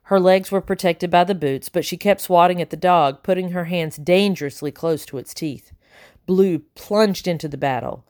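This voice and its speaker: A woman narrating a children's novel aloud, lively and voicing the characters. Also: lowish voice, moderate pace, no room sound, clean studio sound. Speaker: audiobook narrator. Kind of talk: scripted narration.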